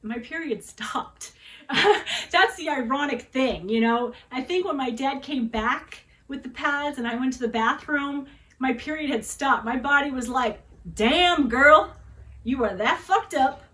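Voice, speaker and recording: A woman's voice: sits high, a little slow, a bit bright, rough recording. A woman in her forties telling a personal story in a dramatic, chatty way, often adding tag questions. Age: 40s. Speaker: vlogger.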